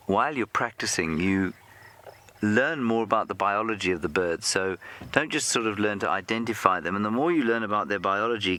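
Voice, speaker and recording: A man's voice: lowish voice, bright, forceful tone, a little hiss or hum. A man guiding a live game drive outdoors, giving advice and commentary with dry, self-deprecating humor. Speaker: safari guide. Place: outdoors in the bush.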